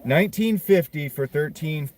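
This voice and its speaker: A man's voice: a little high, normal speed, darkish tone. A man chatting casually on a live stream as a delivery driver, rambling and reading out his orders. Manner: rambling, chatty, reads out orders and answers chat. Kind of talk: casual live-stream chat while driving. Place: inside a car. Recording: noisy car interior.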